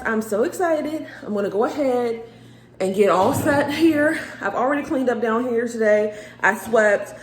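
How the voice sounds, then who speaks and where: A pregnant young woman, out of breath, chatting straight to her viewers in a casual clean-with-me vlog from her bathroom. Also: mid-range voice. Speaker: vlogger. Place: bathroom at home. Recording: echoey home room with faint noise.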